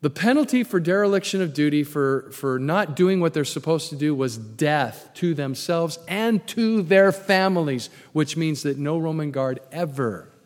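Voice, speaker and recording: Male pastor, emphatic storytelling sermon, raised pitch, long hall reverb. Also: animated, moderate pace, few pauses.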